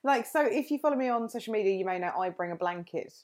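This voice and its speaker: A woman's voice: mid-range voice, expressive, fast talker, darkish tone. A woman co-hosting a podcast in casual chat, playful and self-mocking. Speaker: podcast co-host.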